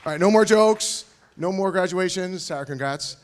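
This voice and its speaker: A man's voice: high voice, moderate pace, a faint crowd, slight background noise. A man on stage at a school awards night, giving a speech to graduating students with jokes and encouragement. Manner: joking, encouraging, playful asides. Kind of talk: speech to an audience.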